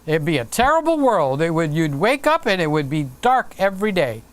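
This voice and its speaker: A man's voice: a little high, big pitch swings, a little fast. A man hosting a live stream, chatting casually and playfully with viewers and reading out their comments. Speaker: livestream host.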